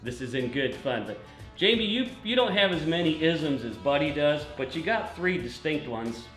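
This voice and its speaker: Joking racing-show host, echoey room. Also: male voice, a little high, animated, normal speed, a bit bright, soft background music. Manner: joking, laughs often. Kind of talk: casual chat.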